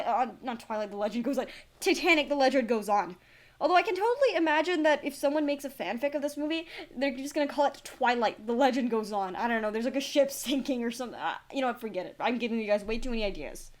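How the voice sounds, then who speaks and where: Young woman, casual film commentary, rambling, self-deprecating, fairly high voice, laptop mic. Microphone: laptop built-in mic.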